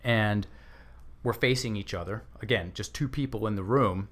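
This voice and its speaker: A man in his thirties, a language coach as guest, telling stories in a lively conversational way, acting out what people said, often restarting his sentences. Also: on the low side, moderate pace. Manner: animated, acts out quotes, frequent restarts. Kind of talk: conversational storytelling interview.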